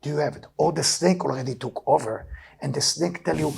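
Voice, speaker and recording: A man in his sixties with an Israeli accent, a Kabbalah teacher giving an emotional sermon that swings between loud urging and low, hushed tones. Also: a little fast, creaky, slight background noise. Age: 60s. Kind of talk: impassioned sermon.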